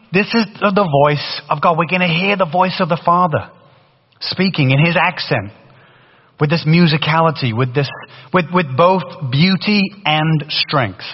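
A man preaching a sermon in a lively, conversational way, with a faded British accent and many restarts. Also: fairly high pitch. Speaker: pastor. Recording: dull sound in a long-reverb hall.

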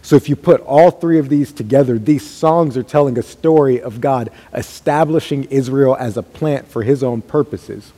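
A man's voice: medium pitch, moderate pace, few pauses, warm tone. A man preaching a sermon in a church hall, emphatic and building up to raised calls to his listeners. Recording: long hall reverb.

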